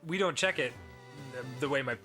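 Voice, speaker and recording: A man co-hosting a casual comedy show, telling family stories in an animated way and often laughing. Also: mid-range voice, moderate pace, soft background music. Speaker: co-host.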